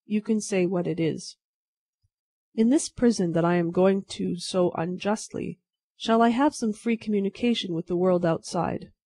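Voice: medium pitch, normal speed, mellow, dry recording, lightly acted. A reader voicing an earnest male prisoner in his thirties, pleading and bewildered, in a dry, close recording. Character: Charles Darnay, man in his thirties, bewildered emigrant prisoner. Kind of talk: audiobook reading.

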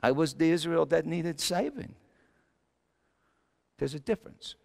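A pastor preaching a dramatic first-person sermon monologue, moving between hushed lines and shouted ones. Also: male voice, on the high side, animated, measured pace, vocal fry. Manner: theatrical, swinging from hushed to shouting. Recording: long hall reverb.

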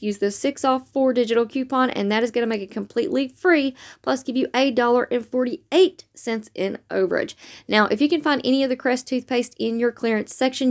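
A woman hosting a couponing video, chatty and upbeat, her voice a little raspy from losing it, saying y'all a lot. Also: on the high side. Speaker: couponing channel host. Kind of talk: casual video chat to viewers.

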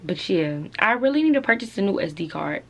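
A woman's voice: mid-range voice, big pitch swings, a little fast. A young woman chatting casually to her camera at home, full of slang and "y'all". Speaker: vlogger.

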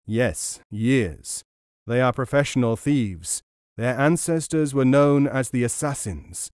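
A man's voice: mid-range voice, takes it slowly, darkish tone, clean tone, no echo, clean studio sound, lightly acted. A man voicing a courteous, confident adult male leader of a band of men in an audiobook. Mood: informative.

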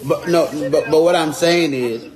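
A male host interviews a caller, breaking in now and then with quick, disbelieving questions. His voice sits fairly high for a man. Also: crowd noise. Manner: short incredulous interjecting questions.

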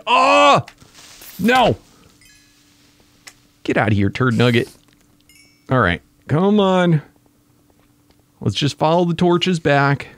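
Excitable male gamer, slightly high voice, dry recording. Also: no room sound. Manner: excitable, exclaims at creatures. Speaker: let's play gamer. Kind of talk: casual gaming commentary.

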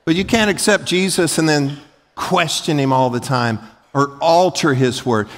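Emphatic pastor preaching in a hall. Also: male voice, medium pitch, expressive, normal speed. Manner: emphatic, rising to loud peaks; folksy, acts out short everyday scenes. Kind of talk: sermon. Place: large church sanctuary. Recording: long hall reverb.

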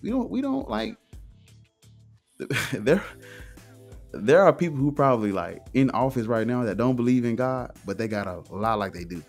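Animated man talking emphatically. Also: mid-range voice, moderate pace, gravelly, pauses often, faint music behind. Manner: animated, emphatic, swearing, frequent "you know what I'm saying". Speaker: guest, atheist streamer. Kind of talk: casual conversation.

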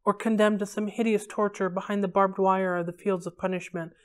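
Library read-along reader, woman, steady clear storytelling. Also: medium pitch, a little fast. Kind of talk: reading a novel aloud.

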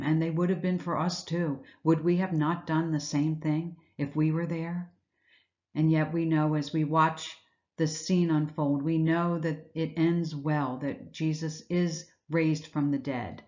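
Speaking in a deep voice on a recording with the highs cut off, a woman gives an Easter sermon, reflectively retelling scripture as a story and asking rhetorical questions.

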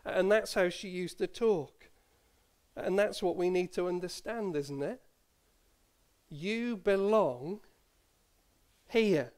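Chatty preacher, slightly high voice. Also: male voice, a little slow, darkish tone. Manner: conversational, self-deprecating, with asides and small laughs. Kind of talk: sermon. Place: church.

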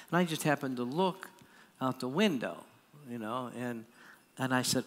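A man's voice: mid-range voice, moderate pace. Folksy preaching man in a big hall. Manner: folksy, humorous storyteller; rousing, calls for shouts. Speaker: evangelist. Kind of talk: preaching and telling a story to a crowd. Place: large meeting hall. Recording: long hall reverb.

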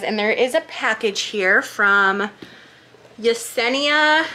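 A woman vlogger with a bright, sharp voice that sits slightly high. She talks casually to her viewers, gushing and emotional as she reads holiday cards aloud. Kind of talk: casual vlog chat, reading holiday cards.

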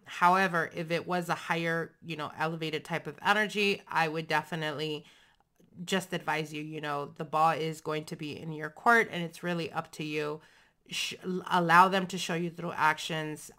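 A woman's voice: fairly low pitch, pushed and bright. A young adult woman giving a casual, chatty tarot reading, talking frankly and swearing now and then. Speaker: tarot reader.

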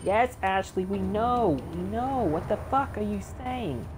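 A woman doing let's play commentary, frustrated, cursing and shouting at the game. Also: medium pitch, expressive, unhurried. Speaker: gamer. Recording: noisy background ambience.

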